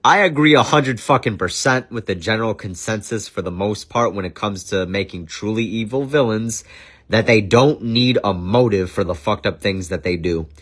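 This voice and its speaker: Host: a low-voiced man reviewing films, crude and jokey. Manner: crude, joking, swears a lot. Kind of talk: casual profane film commentary.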